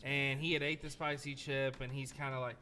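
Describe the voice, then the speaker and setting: A young man hosting a podcast, telling a story with lively acted-out quotes. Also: medium pitch, a little fast. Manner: animated storyteller acting out quotes. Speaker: podcast host. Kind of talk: casual storytelling chat.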